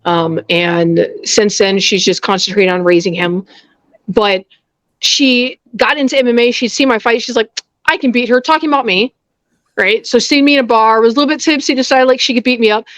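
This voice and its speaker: A woman in her thirties, a professional fighter, chatting casually as an interview guest and acting out quotes in lively storytelling. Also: fairly high pitch, moderate pace, no echo. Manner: animated storyteller who acts out quotes.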